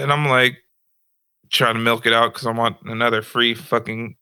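A man's voice: mid-range voice, little pitch movement, normal speed, sharp tone, clean tone. A young man from Northern California telling a story in a casual, profane, laughing chat over an online call. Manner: laid-back, profane, laughs while telling stories.

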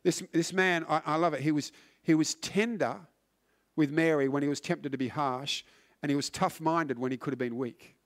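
A man preaching a sermon, earnest and emphatic, often restarting words and swinging from loud to hushed. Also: fairly high pitch, normal speed. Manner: frequent word restarts.

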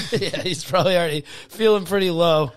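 A man co-hosting a casual podcast, giving blunt, crude opinions and muttering low asides. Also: brisk, smooth. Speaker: podcast co-host. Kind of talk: casual chat.

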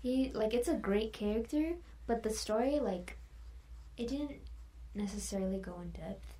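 A woman's voice: fairly high pitch, normal speed, warm tone. A woman guest in a casual chat, talking in a chatty way with many fillers and sometimes dropping to a whisper.

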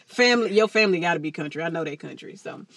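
A woman, hosting a casual podcast in a lively, chatty way. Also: lowish voice, very fast. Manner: lively, chatty, uses Southern Black vernacular. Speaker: podcast host.

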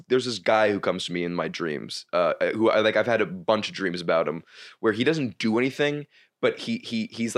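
A young man, a stand-up comedian, chatting casually on a podcast, rambling and halting with many restarts and curses. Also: fairly low pitch, fairly bright tone.

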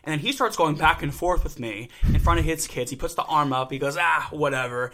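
Young male podcast co-host, bright tone, animated storyteller who acts out quotes. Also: a little high, a little fast. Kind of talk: casual chat.

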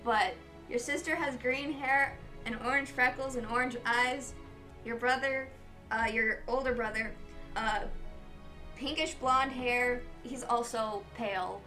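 A woman's voice: fairly high pitch, fairly even intonation, sharp tone, soft background music. A woman narrating as game master of a tabletop game, chatty and giggly. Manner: giggly, chatty, quick to laugh.

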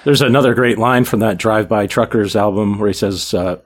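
A man's voice: fairly low pitch, fairly quick. A man co-hosting a music podcast, thoughtful and hesitant, with many fillers. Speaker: podcast co-host. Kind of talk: casual chat.

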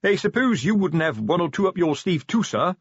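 An anxious veteran sergeant, as a male narrator puts him on, pushing cheerfulness over his nerves in a raised, hopeful voice. A husky tone, lively in pitch, heard through a dull, dry audiobook recording. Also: fairly quick, no room sound, exaggerated voice. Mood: pleading. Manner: hopeful, wheedling.

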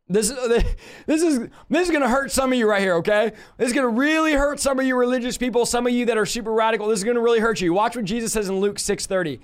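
High-voiced animated male Bible teacher. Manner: emphatic, repeats phrases for stress; animated, jokes with viewers.

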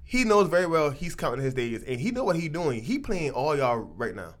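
A young man on a casual podcast, laid-back and rambling, often trailing off into quiet asides. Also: fairly high pitch, sing-song, fairly quick. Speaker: podcast co-host. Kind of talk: casual sports and wrestling chat.

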